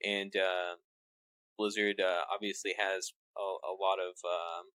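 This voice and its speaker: A man co-hosting a podcast, telling news in a halting, teasing way with many pauses. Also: low-pitched, level tone, bright, forceful tone, no room sound. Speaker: podcast co-host. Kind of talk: casual chat.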